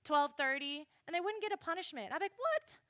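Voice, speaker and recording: A young woman giving a chatty, animated Bible lesson to a youth group and speaking straight to the listeners. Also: high-pitched, quick pace, no echo. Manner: chatty, animated, addresses the audience directly.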